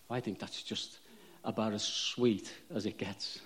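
A man's voice: fairly low pitch, fairly even intonation, measured pace, a bit bright, breathy edge. A man preaching a sermon, chatty and self-deprecating, rising to fervent emphasis on repeated phrases.

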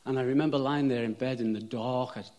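A man's voice: mid-range voice, fairly even intonation, a little fast, warm tone, dull audio. A man preaching a sermon, chatty and self-deprecating, rising to fervent emphasis on repeated phrases.

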